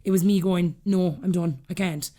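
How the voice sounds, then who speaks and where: A woman in her thirties with an Irish accent, a podcast guest telling her story candidly and acting out the dialogue she quotes. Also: fairly low pitch. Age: 30s. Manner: rapid, animated, acts out quoted dialogue.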